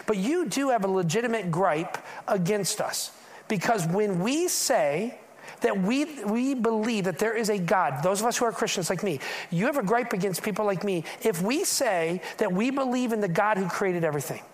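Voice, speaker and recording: A man's voice: sits high, lively intonation, normal speed. A male pastor delivering a sermon to his congregation. He speaks in an easy, conversational way and keeps asking the room questions. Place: church in front of a congregation.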